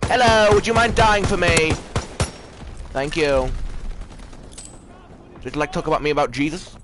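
A man playing a shooter game with a friend, swearing constantly and yelling at enemies. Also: a little high, expressive, unhurried, background noise. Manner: explosive, swearing, yells at enemies. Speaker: gamer streaming with a friend. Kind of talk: profane gameplay rant.

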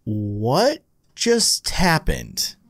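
A man in his thirties hosting a let's-play at home, excitably gasping and laughing as he comments on a scary game. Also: medium pitch, very slow, gravelly. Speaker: gaming video host. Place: home with his young son nearby.

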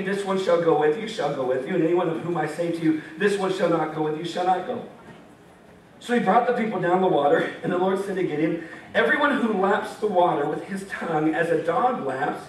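A man's voice: high-pitched, a little fast, slight background noise. A young man giving a casual, joking sermon with scripture reading, acting out voices as he tells the story. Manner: animated, jokey, acts out voices of God and Gideon. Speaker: campus ministry speaker. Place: meeting hall. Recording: echoey hall, from far off.

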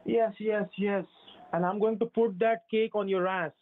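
Curt man shouting over a tinny phone line. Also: sits high, fairly even intonation, normal speed, no room sound. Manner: curt, commanding, threatens to hang up. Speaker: phone scammer. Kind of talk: angry phone call.

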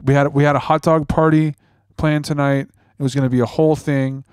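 A man's voice: on the high side, flat delivery, fairly quick, a little mellow, clear, resonant tone, dry recording, clean studio sound, close to an everyday voice. A man playing a panicky adult son who stammers and repeats himself during a scam-bait call. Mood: flustered.

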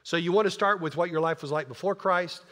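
A man's voice: a little high, fast talker, fairly bright tone, big-room sound. A man pastor preaching a sermon in an earnest, conversational way, often repeating words. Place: church sanctuary.

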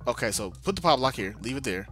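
A young man speaks fast in a sing-song, medium-pitched voice, giving casual video game commentary as a let's-play gamer. He's talkative, muttering to himself with exasperation and a playful drawl while game music plays.

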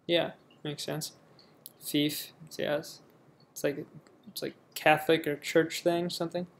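Slow, gravelly young American man. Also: fairly high pitch, level tone, slight background noise. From United States. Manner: reads words aloud and reacts offhandedly. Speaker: vlogger. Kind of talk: casual reaction video.

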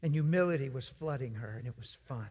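A man's voice: medium pitch, fast, a little mellow, slightly rough. A man preaching in a church, telling a story in an earnest, conversational way. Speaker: guest preacher. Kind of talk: storytelling sermon.

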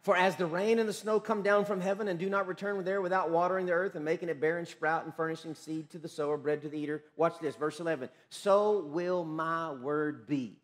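High-voiced emphatic preaching man. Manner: emphatic preaching with rapid scripture quotes and call-and-response; bursts into shouts of excitement. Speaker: pastor. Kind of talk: sermon.

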